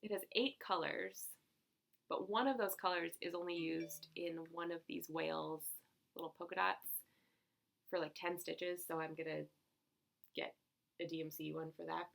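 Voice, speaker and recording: A young woman vlogs about her stitching finds in a relaxed, rambling chat. Her voice sits low and carries a lot of vocal fry, and she breaks into giggles and fillers as she goes. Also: moderate pace. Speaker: cross-stitch vlogger. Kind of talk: casual chat.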